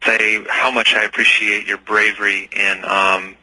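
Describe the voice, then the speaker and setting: A male caller on a radio show speaks softly and hesitantly. His low voice sounds flat and sharply bright. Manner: hesitant, soft, many pauses. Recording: phone call on radio.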